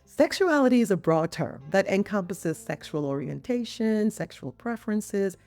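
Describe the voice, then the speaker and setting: A woman's voice: medium pitch, lively intonation, moderate pace, darkish tone, faint music behind. A middle-aged woman hosting a podcast, chatting in a playful way with teasing asides to the listener. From Jamaica. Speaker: podcast host and physician.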